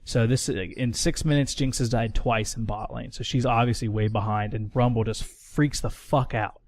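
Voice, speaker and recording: Man, casual podcast co-host, rambling, swearing, mid-pitched voice, dry sound. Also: fairly even intonation, normal speed, a little mellow, dry recording. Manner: rambling, swears a lot, many fillers and restarts. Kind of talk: casual storytelling chat.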